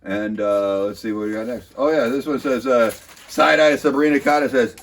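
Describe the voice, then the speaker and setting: A man recapping a city council meeting in a mocking, wry way, pausing often with filler sounds. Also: mid-range voice, a little hiss or hum. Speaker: local political commentator.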